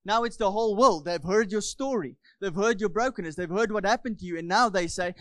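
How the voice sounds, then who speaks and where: Man, preacher, high voice, dry close sound, fervent sermon. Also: fast, few pauses, fairly bright tone, no echo. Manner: fervent, repeats phrases, asks the congregation for amens.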